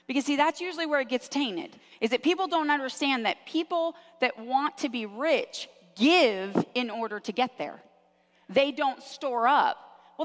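A middle-aged woman preaches to her congregation with lively call-and-response, her voice sitting a little high for a woman. The church hall adds a long reverb tail behind every phrase. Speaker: pastor. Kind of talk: sermon. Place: church sanctuary. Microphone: handheld or clip microphone.

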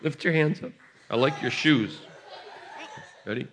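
A man preaching at a revival service in a church, laughing and shouting bursts, gentle with the children he blesses. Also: a little high, moderate pace, a little hiss or hum. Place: church sanctuary.

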